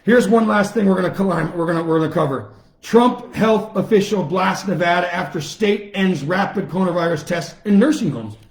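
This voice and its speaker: Fiery, high-pitched man ranting. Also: normal speed. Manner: fiery, repetitive, emphatic outbursts. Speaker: political commentator on a live stream. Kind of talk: impassioned live-stream rant. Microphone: phone or webcam, self-recorded.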